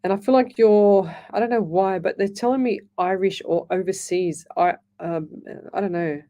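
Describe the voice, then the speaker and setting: A woman's voice: mid-range voice, moderate pace, dark tone. A woman hosting a live radio show as a psychic medium, chatting reassuringly, calling listeners "lovey" and reading out their comments. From Australia. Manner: reads listener comments aloud.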